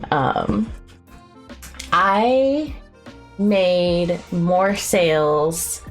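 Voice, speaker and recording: Gushing, excitable woman with a lowish voice. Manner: effusive and excitable, gushing with sudden high squeals. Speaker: artist streaming a co-working session. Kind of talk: casual livestream chat.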